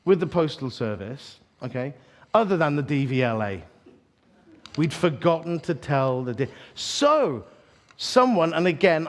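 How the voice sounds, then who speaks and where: A man preaching a storytelling sermon, animated and self-mocking, acting out the voices in his story. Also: fairly high pitch. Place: church hall, live audience.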